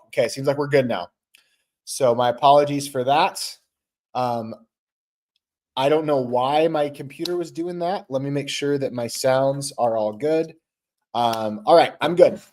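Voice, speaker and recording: Man, podcast host, casual sports chat, rambling with fillers, answers chat mid-thought, mid-pitched voice. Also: darkish tone. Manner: rambling and conversational, with many ums and restarts.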